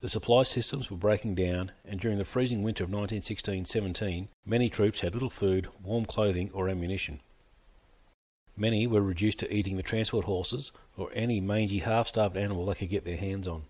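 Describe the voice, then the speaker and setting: A man with a low, husky voice narrates his history podcast from a script. He slips in wry, joking asides as he goes. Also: steady tone, brisk, darkish tone. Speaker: podcast host.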